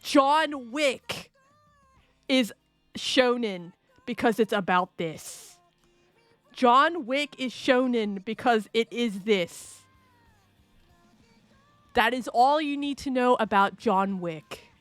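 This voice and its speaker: Playful slow-talking woman streamer. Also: on the high side, expressive, fairly bright tone, no room sound, faint music behind. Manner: playful, rambling, laughs often, answers chat. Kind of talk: casual live-stream chat.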